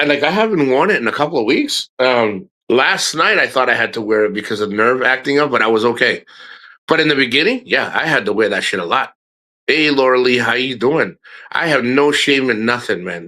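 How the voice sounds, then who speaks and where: A man's voice: medium pitch, pushed and bright. A middle-aged man streaming live, talking casually and candidly, swearing and restarting his sentences often. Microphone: streaming microphone.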